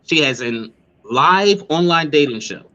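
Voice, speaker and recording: Man, talk show host, slightly high voice, animated storyteller, dull lo-fi sound. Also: a little slow. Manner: animated storyteller with many restarts. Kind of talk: casual chat, storytelling.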